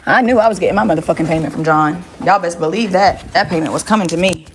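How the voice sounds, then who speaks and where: A woman's voice: mid-range voice, fast, few pauses, background noise. A woman talking casually and bluntly to viewers on a phone livestream from her home, with plenty of swearing. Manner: blunt, profane, talks straight to viewers. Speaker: livestream host.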